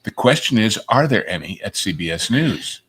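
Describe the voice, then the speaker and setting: A man's voice: fairly low pitch, very animated, normal speed, fairly bright tone, slightly rough. A man co-hosting a casual news commentary show, speaking wryly and emphatically and quoting history. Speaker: co-host. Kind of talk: casual political commentary chat.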